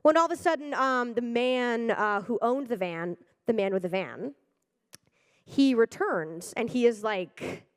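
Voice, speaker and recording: High-voiced animated woman comic. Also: a little slow, no room sound, clean studio sound. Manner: animated, swearing, acts out loud voices. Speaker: stand-up comic. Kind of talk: stand-up comedy set. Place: stage before a live audience.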